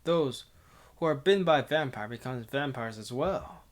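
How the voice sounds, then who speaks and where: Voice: mid-range voice, animated, normal speed. Give me a casual, giggly streamer reading a visual novel aloud and tripping over words. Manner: casual and giggly, stumbles and restarts while reading. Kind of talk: casual visual novel read-through with commentary.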